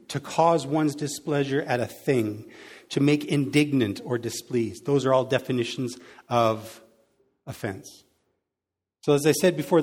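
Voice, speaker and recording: A man preaching a sermon in a conversational way, adding lively sound effects to his examples. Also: a little high. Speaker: pastor. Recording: long hall reverb.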